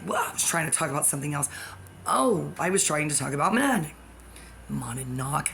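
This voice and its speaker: Gravelly, tense woman ranting. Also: sits low, fairly bright tone, a little hiss or hum. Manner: agitated, swearing, jumps between topics. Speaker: vlogger. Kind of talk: rambling personal rant to the camera.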